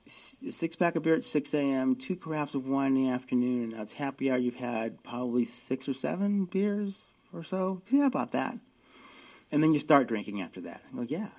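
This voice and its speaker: A man's voice: mid-range voice, darkish tone. A man in his fifties shares his story at a meeting, voicing himself and the people around him in turn. His delivery is wry and self-mocking, with a mid-range voice that sits in the middle for a man. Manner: wry, self-mocking storytelling, acts out both sides of dialogues. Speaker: AA meeting speaker. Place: meeting room.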